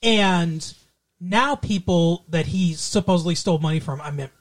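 A man's voice: a little high, moderate pace. A man co-hosting a podcast in casual chat about a TV show, rambling and often trailing off and restarting mid-thought. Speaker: podcast co-host.

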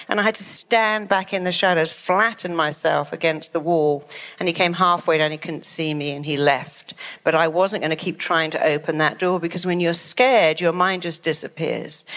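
A middle-aged woman giving a motivational talk, lively and acting out panicked inner voices as she explains. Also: on the low side. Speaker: hypnotherapist and speaker.

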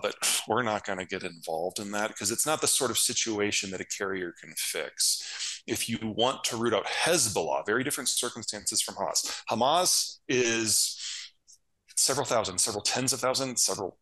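Blunt low-voiced man explaining. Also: moderate pace, sharp tone, poor audio. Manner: blunt, emphatic, matter-of-fact explainer. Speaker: geopolitical strategist guest. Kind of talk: casual analytical interview talk.

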